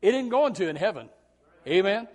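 Preacher guy, high voice, folksy rambling sermon, gets real loud and shouty. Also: very animated, normal speed. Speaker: pastor.

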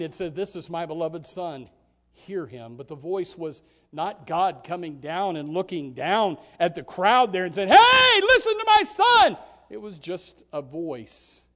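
A man delivering an impassioned sermon in a high, sing-song voice that climbs and falls all over. He swings from near-shouts to hushed, quiet lines and often stumbles over repeated words at the start of a phrase. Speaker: preacher.

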